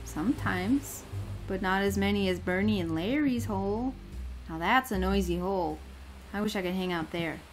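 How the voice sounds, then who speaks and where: A woman's voice: mid-range voice, normal speed, faint music behind, close to an everyday voice. A woman reading aloud the lines of an earnest, mopey ghost scientist character in a video game. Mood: glum.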